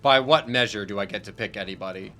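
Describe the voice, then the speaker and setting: Bright, excitable gamer man. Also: fairly low pitch, fast talker. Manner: excitable, swears, thinks aloud. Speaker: gaming channel host. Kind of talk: casual let's-play commentary.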